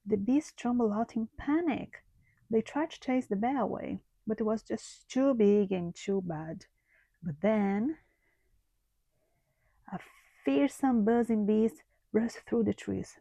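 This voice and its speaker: A woman reading a children's story aloud in a slow, gentle storytelling manner. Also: medium pitch, no room sound, rough recording.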